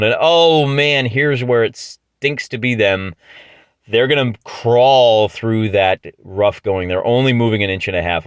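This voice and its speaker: A man's voice: mid-range voice, a bit bright, no room sound. Chatty Midwestern man narrating a wargame. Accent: Midwestern American. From American Midwest. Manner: chatty, jokey, often restarts mid-phrase. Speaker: wargamer narrating a solo tabletop battle. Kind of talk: casual play-by-play narration of a tabletop game.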